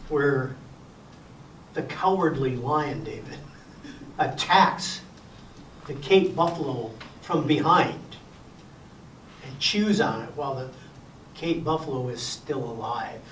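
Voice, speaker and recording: An older man presenting a Sabbath school lesson in a relaxed lecture style, folksy and wry with gentle humor. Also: mid-range voice, slow, long pauses, far from the mic, a little hiss or hum. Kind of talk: casual lecture to a class. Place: church classroom. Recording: echoey room recorded from afar.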